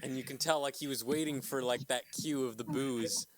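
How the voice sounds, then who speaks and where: A man's voice: mid-range voice, steady tone, moderate pace. A man narrating as game master of a tabletop game, loose and profane, laughing often and filling with "like" and "uh".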